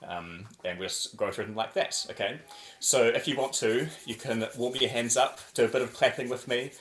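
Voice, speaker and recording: A man leading a choir warm-up over a video call, playful and over the top as he chants drills. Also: medium pitch, moderate pace, echoey room, a little hiss or hum.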